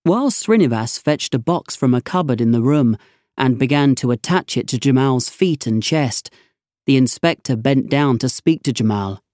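A narrator reading a storybook aloud in a measured, scripted way. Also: medium pitch, expressive, a little mellow, dry recording, studio quality.

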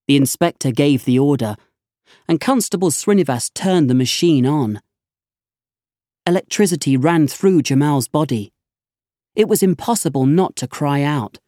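A narrator reading a storybook aloud in a measured, scripted way. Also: mid-range voice, warm tone, no echo, clean studio sound.

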